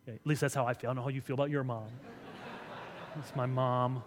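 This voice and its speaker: A man preaching a sermon as pastor, conversational, swinging between loud emphasis and soft asides. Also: medium pitch, little pitch movement, brisk, background noise. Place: church sanctuary. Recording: church hall reverb.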